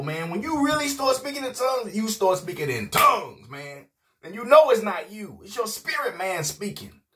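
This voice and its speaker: In an informal video sermon, a preacher with a slightly high, somewhat bright voice for a man gets rowdy and emphatic. He repeatedly says "man" and keeps insisting that he means what he says.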